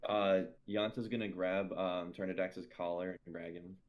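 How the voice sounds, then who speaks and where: A man with a very deep voice takes his turn in a tabletop game. He describes his character's actions with playful energy and lots of chatter. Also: flat delivery, moderate pace, muffled recording. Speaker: player.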